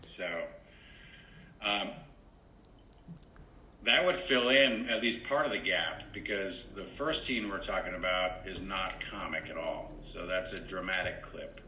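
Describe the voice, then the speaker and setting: A man's voice: low-pitched, measured pace, bright, forceful tone, slight background noise. A man coaching an actor on a video call, explaining in an easygoing way with lots of fillers. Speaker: acting coach. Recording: roomy video call with faint ambience.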